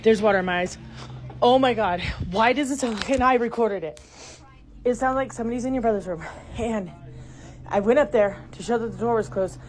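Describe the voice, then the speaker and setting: Filming her own house on a handheld phone, a middle-aged woman sounds frightened, whispering and exclaiming indoors. Her voice is a little high with a darkish tone, and the home recording from the phone camera is noisy.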